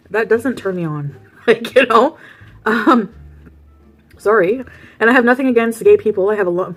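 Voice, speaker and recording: Woman, casual storytime vlog, chatty, laughs often, eating between sentences, recorded in a parked car, mid-pitched voice. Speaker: vlogger.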